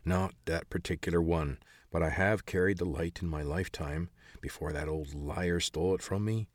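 A man voicing a bitter, secretive old man who hides in caverns, calm one moment and snappish the next. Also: deep voice, moderate pace, studio quality, lightly acted. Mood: calm, knowing. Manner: calm but snappish, hacking cough. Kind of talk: audiobook character voice.

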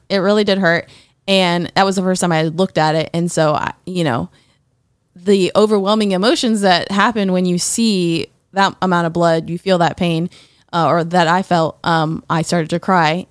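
A woman's voice: lowish voice, clean tone, no room sound, clean studio sound. A woman co-hosting a podcast, talking candidly and reflectively about personal experience, with many fillers and restarts. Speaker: podcast co-host. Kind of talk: casual personal conversation.

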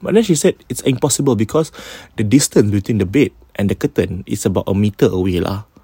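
A man with a Singaporean accent retelling ghost stories casually as a podcast host, animated and mixing in Malay phrases. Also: fairly low pitch, fast talker, breathy edge, dry recording.

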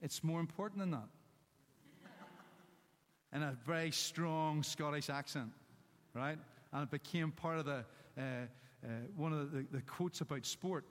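A man gives a sermon in a storytelling way, landing short one-word emphases between anecdotes. His voice sits a little high for a man. The sound carries a long reverb from the church hall. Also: a little slow, long pauses. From Northern Ireland. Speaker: preacher.

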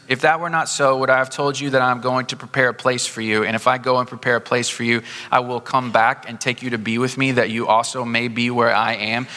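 Bright-voiced male pastor in reverberant church. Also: medium pitch. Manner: conversational, slows down for emphasis. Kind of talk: sermon. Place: church sanctuary.

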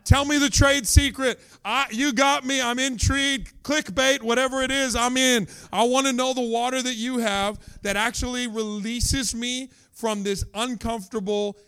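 A man putting on a wry, curious woman at a well, talking in a casual modern way with a raised, fairly high voice. She sounds intrigued and a little sardonic, as if chatting with a stranger. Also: steady tone, normal speed, few pauses, a bit bright, clean tone.

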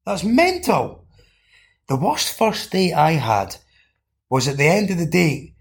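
A Scottish podcast host with a fairly high voice speaks slowly, his pitch swooping wildly. In casual comedic chat, he swears and riffs jokingly while reading out listeners' comments.

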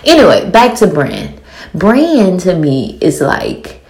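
A woman in her forties with a thick Louisiana accent talks through a TV episode in a casual recap. Her voice sits low and has a gravelly edge. She is blunt and animated, swears freely, and fires off rhetorical questions. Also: slow. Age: 40s. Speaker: TV show reviewer.

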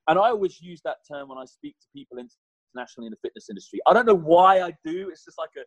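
Guest: quick, husky man in his thirties, lively chatty delivery, dry sound. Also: a little high, no echo, dull audio. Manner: animated, chatty, swears mildly. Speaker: guest, personal trainer. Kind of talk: podcast conversation.

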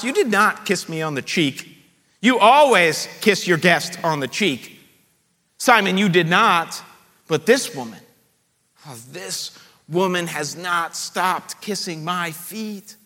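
A man voicing a calm, gentle teacher who speaks slowly, softly and in a measured way. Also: high voice, long reverb tail, exaggerated voice. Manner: slow, soft and measured.

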